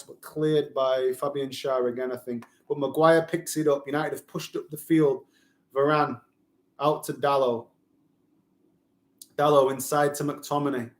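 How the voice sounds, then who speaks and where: A man's voice: fairly high pitch, echoey room. A man giving live, opinionated fan commentary on a football match for a watch-along stream.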